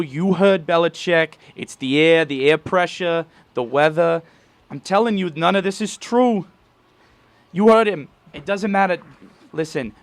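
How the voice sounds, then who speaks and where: A man's voice: a little high, lightly acted. A man doing a ranting Boston sports fan. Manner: loud, insistent ranting. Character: loud adult male Boston sports fan.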